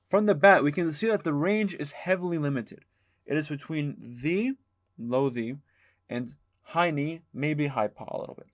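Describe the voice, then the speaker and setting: A man teaching a music lesson, explaining calmly and singing short chanted examples. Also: on the high side, normal speed. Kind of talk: spoken lesson with sung demonstrations.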